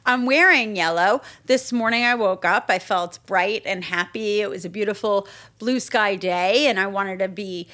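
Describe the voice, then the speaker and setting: A woman co-hosting a podcast in casual chat, explaining things in a steady teaching way like a shop owner. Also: mid-range voice.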